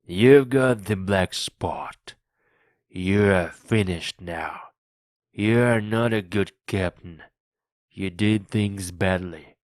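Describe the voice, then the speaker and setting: A man's voice: fairly low pitch, dry recording, studio quality. A man doing an angry, accusing pirate mutineer. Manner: loud and accusing.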